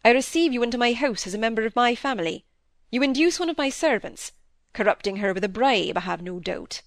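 A woman's voice: a little high, lively intonation, fairly quick, no echo. A woman reading aloud as a dry-witted, stern middle-aged male country doctor in a storybook. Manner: wry, then sternly lecturing.

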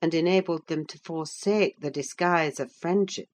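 A woman narrating a classic novel as an audiobook, in a measured, unhurried reading. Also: low-pitched, darkish tone, slight background noise. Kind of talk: scripted narration.

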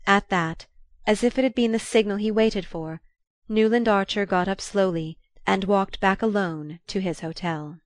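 A woman's voice: mid-range voice, dry recording. Woman reading a novel, dry close sound. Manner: measured, even, unhurried. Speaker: audiobook narrator. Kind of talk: scripted literary narration.

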